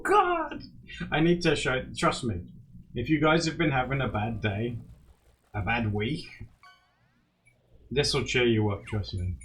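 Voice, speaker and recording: A man streaming live, chatting casually and excitably with his viewers and laughing often. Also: medium pitch. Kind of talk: casual live-stream chat while drawing.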